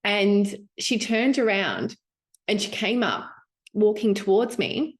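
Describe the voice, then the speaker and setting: A woman's voice: mid-range voice, expressive, slow. A woman giving a casual spiritual teaching, musing aloud with fillers and restarts.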